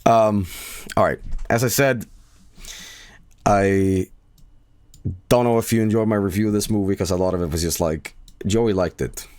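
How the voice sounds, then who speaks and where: A man's voice: lowish voice, steady tone, normal speed, long pauses, a little mellow, no echo. A man streaming and casually rambling about a movie, laughing often and swearing freely.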